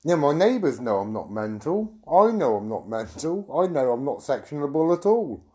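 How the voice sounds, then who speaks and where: A middle-aged British man with a fairly high, very animated voice and a dark tone rants angrily to his viewers as a YouTube streamer. His agitated monologue rambles and swears through his story, with quick asides thrown to the audience.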